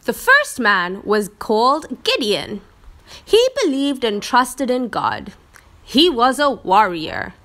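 A woman teaching a church lesson, telling a Bible story in a slow, expressive storytelling manner. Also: on the high side.

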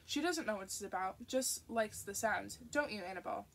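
A doting old grandfather who talks fondly to a small child, as a woman reads him. His voice is slow and gravelly, in a storybook manner. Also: mid-range voice, expressive. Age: older.

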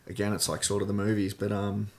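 Australian man, low voice, podcast guest, loose candid storytelling. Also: monotone, quick pace, a little mellow. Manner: candid, rambling, many fillers. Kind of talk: casual storytelling interview.

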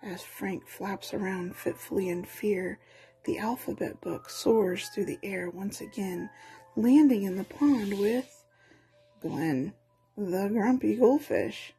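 Slow, mellow woman reading a storybook. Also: medium pitch, faint music behind, low-quality recording. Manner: expressive, playful read-aloud. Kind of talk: children's storybook narration.

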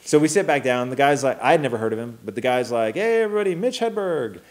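A man in his thirties co-hosting a casual talk show, telling a story with animated energy, acting out quotes and swearing freely. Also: mid-range voice, fast. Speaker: co-host.

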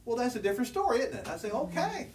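A man's voice: extremely high pitch, big pitch swings, rapid-fire, a little mellow, recorded from a distance. A man preaching a sermon, teaching from scripture in an earnest, conversational way that rises when he presses a point. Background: congregation responding.

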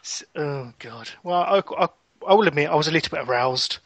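Lively, bright-voiced young male podcast host. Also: a little high, brisk, dry recording. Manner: chatty, laughs often, restarts sentences. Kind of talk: casual podcast chat.

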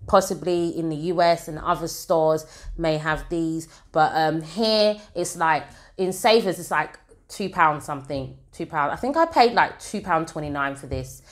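A woman from the UK talks casually to camera as a beauty vlogger, her voice sitting low. She rambles in a chatty way, with plenty of fillers and side comments. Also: normal speed. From United Kingdom.

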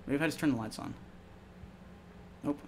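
Speaking at a moderate pace with a fairly high voice, this young let's-play gamer narrates a horror game casually against slight background noise. Profanity comes often, and he's easily spooked into excited yelps.

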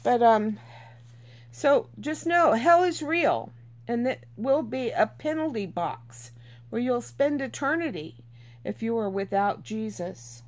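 Woman going through bible verses, unhurried, kinda high voice, earnest and homey. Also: animated. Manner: earnest, unhurried, repeats for emphasis. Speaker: Bible teacher. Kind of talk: informal Bible reading and teaching.

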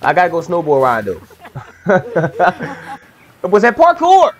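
A young man commenting on fail clips in a casual reaction video. His voice sits high and swings widely in pitch. He is animated and exclamatory, swears freely and laughs often. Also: slow, a little hiss or hum.

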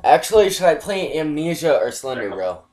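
A man's voice: a little high, big pitch swings, normal speed, darkish tone. A man hosting a game playthrough video, chatting loosely with plenty of swearing and apologies. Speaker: gaming channel host. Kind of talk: casual gameplay commentary.

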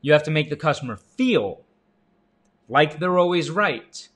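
A man in his thirties giving an energetic sales coaching talk, jumping up in pitch for emphasis and asking the listener questions. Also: a little slow. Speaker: real estate agent and sales coach. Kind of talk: motivational sales talk to camera.

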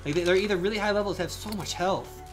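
A young man giving excitable live commentary on a survival game he is playing, with frequent outbursts and laughs. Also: sits high, quick pace. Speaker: gaming channel host. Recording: faint game music behind.

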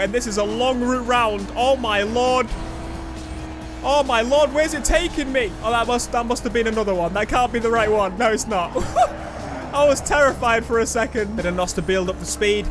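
A man giving excitable let's play commentary over a racing game, swinging between muttering and shouting. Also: sits high, quick pace, few pauses. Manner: excitable, shouts and laughs at the race. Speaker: gaming YouTuber. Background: game music and engine sounds.

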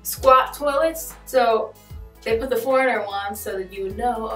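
A woman's voice: a little high, unhurried, a bit bright. A young woman vlogging in a casual, chatty way, full of joking asides and laughs. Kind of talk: casual vlog chat. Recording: echoey room, mic at a distance, faint music.

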